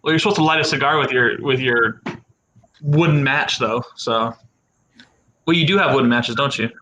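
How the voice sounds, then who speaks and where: A man's voice: mid-range voice, normal speed, pushed and bright, a little hiss or hum, rough recording. A man hosting a casual livestream chat with friends, rambling and repeating words as he talks. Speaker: livestream host.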